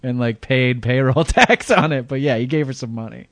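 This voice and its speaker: A man's voice: mid-range voice, moderate pace, a bit bright, no echo. A man co-hosting a podcast in casual chat, rambling through a story and chuckling often. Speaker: podcast co-host.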